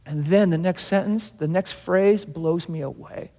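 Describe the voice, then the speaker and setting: A man with a high, light voice preaches a relaxed, conversational sermon. He acts out the Bible scenes in short bits of dialogue. A long hall reverb trails after his words. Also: measured pace. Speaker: pastor.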